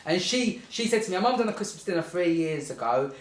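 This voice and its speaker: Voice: mid-range voice, expressive, quick pace. Rambling storyteller in an echoey room. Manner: rambling, keeps saying "anyway", giggles through the telling. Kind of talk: rambling comic anecdote.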